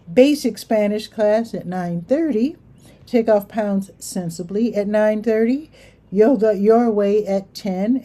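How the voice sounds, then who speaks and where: A woman's voice: medium pitch, dark tone. A woman hosting a casual community events rundown, chatting her way through a schedule with offhand asides.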